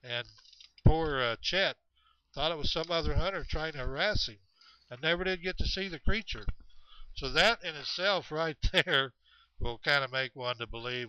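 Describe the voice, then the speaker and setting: A man telling a long story about hunters in the woods, halting often with fillers and restarts. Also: a little high, sharp tone, clear, resonant tone, no room sound. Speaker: storyteller of Bigfoot encounters. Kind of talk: rambling spoken storytelling. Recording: dull, muffled recording.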